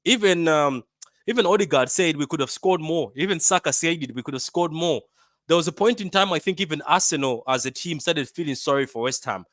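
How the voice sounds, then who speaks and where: A man from Africa talks through a football match reaction in loose, bantering chat, repeating points for emphasis. His voice is bright and forceful and sits a little high. The sound is dry and close, with no room echo. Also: fairly quick. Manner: animated, bantering, repeats himself. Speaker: football fan channel host.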